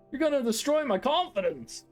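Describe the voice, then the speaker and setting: A man's voice: very high voice, big pitch swings, unhurried, soft background music. A man from Norway, chatting casually with his stream chat in a playful, rambling, teasing way.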